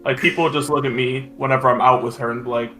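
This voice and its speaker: Young male guest, mid-pitched voice, relaxed anecdotal delivery, faint music under. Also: fast talker. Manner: easygoing anecdotal storyteller. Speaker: podcast guest. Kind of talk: casual chat.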